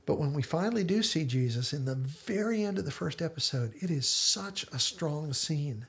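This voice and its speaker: A man's voice: fairly high pitch, expressive, brisk, hardly any pauses. A man hosting a casual discussion podcast, retelling scenes in detailed storytelling fashion. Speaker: podcast host.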